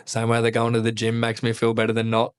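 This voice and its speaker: An Australian man in the middle range of pitch tells stories as a podcast guest. He is blunt and swears freely. He talks in a casual, animated way, like a former soldier holding forth. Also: fast, clean tone. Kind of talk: casual conversational storytelling.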